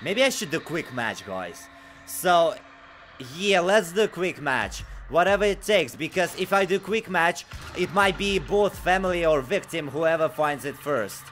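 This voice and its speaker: A fairly high-voiced man hosts a casual game stream, reading viewer messages aloud. His voice has a bright, sharp edge. He is restless and excitable, dropping to low mutters one moment and bursting out loudly the next. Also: unhurried, slight background noise. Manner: excitable and restless, swings from mutters to loud outbursts.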